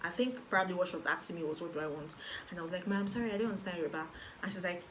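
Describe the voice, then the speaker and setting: Animated Nigerian woman telling her story. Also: on the low side, very fast. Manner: animated storyteller who acts out quoted voices. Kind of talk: personal testimony.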